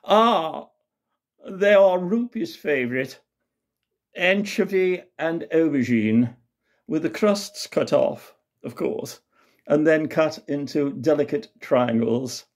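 A man's voice: on the high side, animated, takes it slowly, pitched above the performer's own voice. A man voicing a haughty, posh middle-aged countess in a plummy, disdainful way. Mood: gushing.

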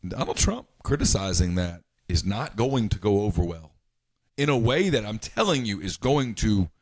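A man co-hosting a casual sports podcast, talking insistently and jumping up in pitch when he gets worked up. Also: moderate pace, no room sound. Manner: animated, insistent, pitch jumps when excited. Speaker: podcast co-host.

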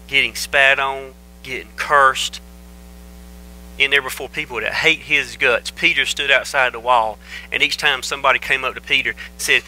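A man's voice: mid-range voice, fairly even intonation, moderate pace, bright, forceful tone, poor audio. A man preaching a sermon as pastor, emphatic and repeating phrases for stress.

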